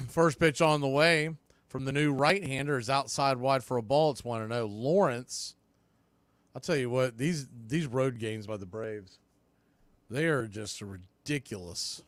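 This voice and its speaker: A man doing casual live baseball play-by-play on a watch-party stream, chatting between pitches and often repeating words as he explains. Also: measured pace, no room sound. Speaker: play-by-play announcer.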